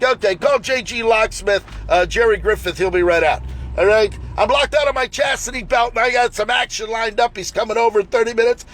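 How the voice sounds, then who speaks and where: A man holding forth in a loud, boastful live rant about his trade, shouting and whooping as he swaggers. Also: extremely high pitch. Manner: frequent shouting and hollered whoops. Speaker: locksmith.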